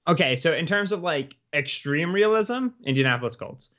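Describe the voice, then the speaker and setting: A man's voice: a little high, animated, normal speed, a bit bright. A man co-hosting a casual podcast, talking loosely with lots of fillers. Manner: loose, rambling, heavy on fillers. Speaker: podcast co-host. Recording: slightly muffled, lo-fi.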